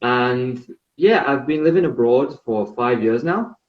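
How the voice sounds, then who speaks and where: A relaxed, chatty young man with a northeast English accent talks at a middle pitch. His voice comes over a live video call, sounding roomy and a little dull. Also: a little slow. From northeast England. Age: 20s. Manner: easygoing and chatty, with light laughs. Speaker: guest. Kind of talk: casual interview chat.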